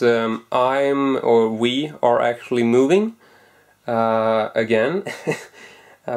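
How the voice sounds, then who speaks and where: A man's voice: mid-range voice, a little mellow. A man chatting casually in a vlog as a movie collector, rambling with lots of fillers and restarts, in an indoor room holding his collection. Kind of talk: casual chat.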